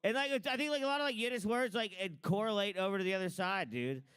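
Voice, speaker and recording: Smooth-voiced man doing rambling stand-up. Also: sits high, quick pace, a bit bright, no echo. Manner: rambling, filler-heavy, loose. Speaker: open mic host and comic. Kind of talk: stand-up comedy.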